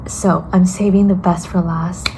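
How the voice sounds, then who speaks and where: A woman vlogging in a casual, soft half-whisper, tired and a little hoarse, thanking viewers and friends. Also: on the low side, level tone, a little slow, slight background noise, low-quality recording. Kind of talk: casual vlog talk to camera.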